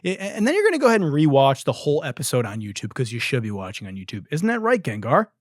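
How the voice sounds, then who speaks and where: A man's voice: medium pitch, very animated, very fast, no echo, studio quality. A man hosting a comedy podcast, profane and exasperated, often breaking into laughter as he comments. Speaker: podcast host.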